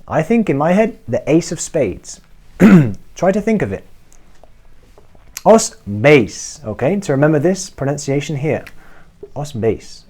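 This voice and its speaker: A man teaching a beginner Spanish lesson to camera, checking in often with "okay?" and slowing down to model each Spanish form. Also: on the high side, a little mellow. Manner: encouraging, checks in with frequent "okay?". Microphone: talking to camera.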